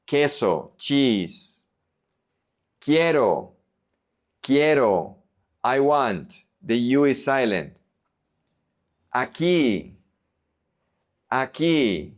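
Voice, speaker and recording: Guy teaching pronunciation, says each word twice then translates, unhurried, mid pitch. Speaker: Spanish teacher. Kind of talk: pronunciation lesson.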